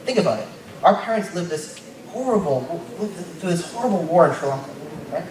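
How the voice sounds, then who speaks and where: A young man giving a casual, joking sermon as a lay preacher, tagging his points with quick asides. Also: high voice, animated, crowd noise. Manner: informal and joking, tags lines with "right?". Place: church hall. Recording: very echoey church hall, mic far off. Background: congregation noise.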